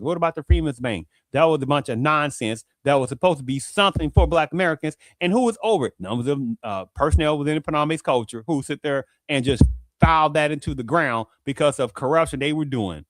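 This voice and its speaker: High-voiced man in a fast rhetorical rant. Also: no room sound. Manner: rhetorical, repeats "right?" and "do you understand that?". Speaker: show host. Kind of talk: casual commentary monologue.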